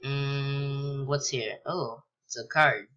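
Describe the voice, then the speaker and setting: A young man casually commentating a video game he's playing, rambling with lots of ums and likes and sudden excited yelps. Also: medium pitch, takes it slowly, lo-fi sound, faint music behind. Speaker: gameplay commentator. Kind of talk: casual let's-play commentary.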